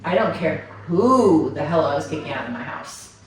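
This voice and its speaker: Podcast host, woman, emphatic and unhurried, lowish voice, distant mic in a reverberant room. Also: expressive. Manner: emphatic, talks of family and home. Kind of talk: casual chat. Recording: echoey room, far from the mic.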